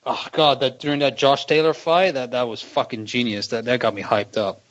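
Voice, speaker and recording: A man chatting emphatically and excitably about boxing on a podcast, swearing freely. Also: medium pitch, brisk, low-quality recording. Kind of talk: casual boxing chat.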